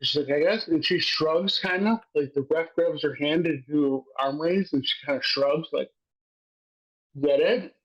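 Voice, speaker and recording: High-voiced man, profane excitable storytelling. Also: normal speed, few pauses, dull audio. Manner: profane, excitable storytelling, laughs while recapping. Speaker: wrestling podcast co-host. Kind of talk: casual chat.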